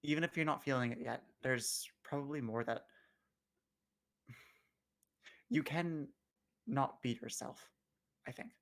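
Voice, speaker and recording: A man playing his character in a tabletop game, talking in an earnest, reflective way with gentle hesitations. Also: mid-range voice, slow, long pauses. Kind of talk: in-character roleplay.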